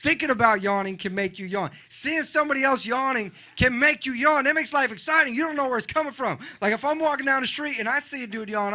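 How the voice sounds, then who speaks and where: A young man doing a stand-up comedy set in a club, animated and acting out other people in loud voices. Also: very high voice, fast, hardly any pauses, slight background noise. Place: comedy club with a live audience.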